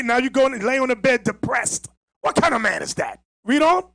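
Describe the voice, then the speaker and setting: A man preaching outdoors in a loud, emphatic voice that sits very high. His pitch swings widely, and he mocks and shouts to drive his points home. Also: expressive, unhurried, creaky. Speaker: street preacher. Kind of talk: open-air sermon with Bible reading. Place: outdoors on a public green.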